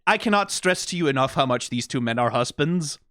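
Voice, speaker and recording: A man hosting an anime reaction, talking in casual, animated commentary, often asking "right?" and laughing. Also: medium pitch, a little fast, no room sound, clean studio sound.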